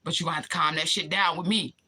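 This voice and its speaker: A woman with a very bright, forceful voice chats on a livestream, answering viewer comments head-on. She is blunt and profane, laughs often, and stretches some words out in a slow drawl. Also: deep voice, steady tone, slight background noise. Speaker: livestream vlogger reading chat comments. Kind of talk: casual livestream chat.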